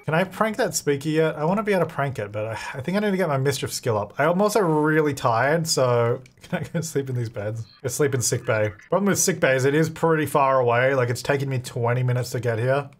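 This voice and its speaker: A young man casually commenting on his own gameplay, chatty and giggly, talking back to the characters on screen. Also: medium pitch. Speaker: gaming YouTuber.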